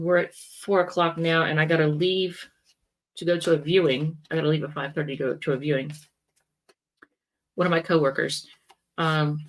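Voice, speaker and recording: Chatty woman doing a tarot reading. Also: sits low. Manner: rambling, self-correcting, chatty asides. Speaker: tarot reader.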